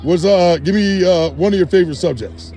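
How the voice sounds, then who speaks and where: A man's voice: sits high, a little fast, warm tone. A man playfully interviewing people at an outdoor football practice, teasing and hyping them up. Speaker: sideline interviewer. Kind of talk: casual sideline interview.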